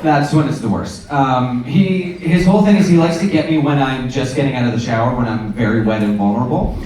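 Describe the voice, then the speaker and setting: A man in his thirties doing a stand-up comedy set, sarcastic with deadpan asides and sudden acted-out voices. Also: mid-range voice, brisk, noisy background. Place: comedy club stage, from far off. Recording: roomy club sound, distant mic, crowd laughter.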